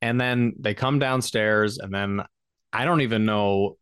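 A man's voice: fairly low pitch, a little slow, fairly bright tone, clean tone, dry recording, studio quality. A man co-hosting a casual podcast, telling a personal story in an earnest, reflective way with some jokes. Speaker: podcast co-host, husband.

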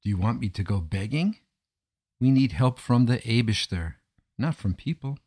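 A man's voice: medium pitch, expressive, normal speed, a little mellow, slightly rough. A man voicing a poor, humble husband who speaks in an earnest, pleading way in a storybook telling. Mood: weary refusal. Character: poor devout husband, middle-aged, desperate and humble.

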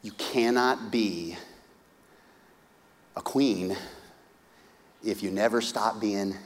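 A man preaching a sermon, retelling a story with lively, humorous asides and acted-out voices. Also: very slow. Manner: animated storytelling, acting out characters with big pitch swings. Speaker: pastor. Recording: hall reverb.

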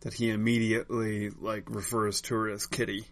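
A man's voice: on the low side, little pitch movement, normal speed. A man hosting a podcast, recapping comics in a candid, wry way and swearing casually. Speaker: podcast host.

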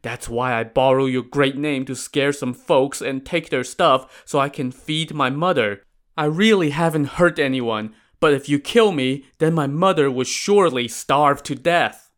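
A man voicing a cowardly male highway robber and imposter who talks in a trembling, pleading way. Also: a little slow, a bit bright, close to an everyday voice. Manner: pleading, trembling, high-pitched.

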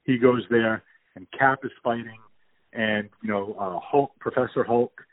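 A man's voice: mid-range voice, steady tone, a little slow, dry recording. A man in casual talk about a movie, enthusiastic and rambling, with many fillers and restarts. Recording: tinny phone-like audio.

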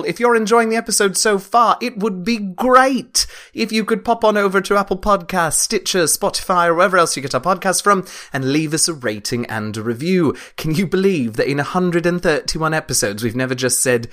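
Higher-voiced male host, put-on British accent, playful and self-mocking, reading the ad break. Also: lively intonation, moderate pace, pushed and bright. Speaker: dungeon master and podcast host. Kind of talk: mid-show podcast announcements.

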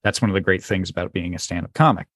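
A man hosting a casual podcast chat, telling stories in an animated way and swearing casually. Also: low-pitched, quick pace, no echo. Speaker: podcast host.

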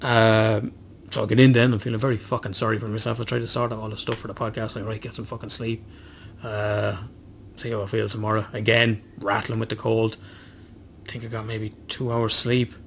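A man's voice: fairly low pitch, level tone, a little fast, vocal fry, a little hiss or hum. A man, co-hosting a podcast and telling a long rambling story, swearing constantly and poking fun at himself. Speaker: podcast co-host. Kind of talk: casual chat.

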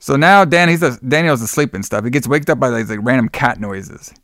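A man co-hosts a casual horror film podcast, rambling through the plot with profanity. His voice sits at an ordinary middle pitch. The sound is close and dry, with little room in it. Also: animated, fairly quick, fairly bright tone, no room sound. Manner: rambling, profane, acts out quotes. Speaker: podcast co-host. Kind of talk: casual film review chat.

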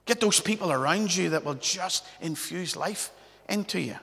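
Man, pastor, gravelly, bright tone, chatty storytelling sermon, long hall echo. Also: high voice, lively intonation, moderate pace. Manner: chatty, anecdotal, tags lines with "right?".

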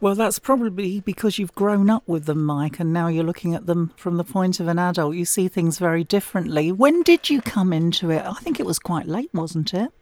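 A woman's voice: on the low side, fairly quick, few pauses, darkish tone, no echo. A woman hosting a podcast asks her guest questions in an inquisitive, complimentary way. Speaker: podcast host. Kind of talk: interviewing a guest.

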